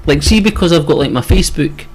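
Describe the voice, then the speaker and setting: A man's voice: a little high, animated, quick pace, slightly rough, soft background music. Chatty man co-hosting a podcast. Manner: chatty, swears, laughs a lot. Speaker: podcast co-host. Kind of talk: casual chat.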